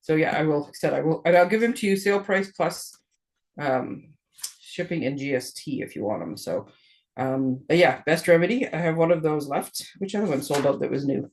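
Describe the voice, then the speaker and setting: A woman's voice: low-pitched, brisk, a little mellow. A middle-aged woman chats as the host of a paper crafting show. She talks in a rambling, friendly flow, restarting her sentences and laughing between them. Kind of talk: casual chat.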